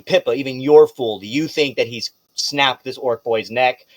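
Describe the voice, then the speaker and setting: A man's voice: medium pitch, moderate pace, few pauses, dry recording. A man running a tabletop game as game master, narrating loosely with casual swearing.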